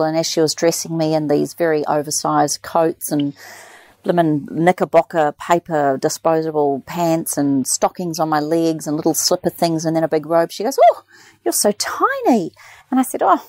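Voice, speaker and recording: A woman telling a lively story in casual chat, acting out the people she quotes. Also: low voice, fairly quick, no echo. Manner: animated storyteller, mimics nurses. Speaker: podcast guest.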